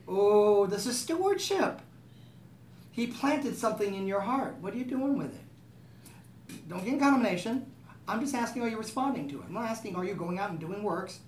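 A man's voice: sits high, lively intonation, moderate pace, long pauses, slight background noise. A man preaching a sermon, talking conversationally and asking the room to agree with him. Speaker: pastor. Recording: echoey room, voice from a distance.

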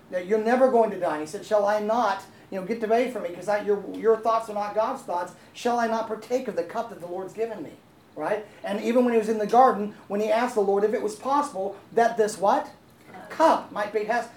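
A woman's voice: mid-range voice, darkish tone, a little hiss or hum. A woman pastor preaching a sermon in a conversational way, often asking the congregation questions and laughing easily. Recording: roomy echo, faint ambience.

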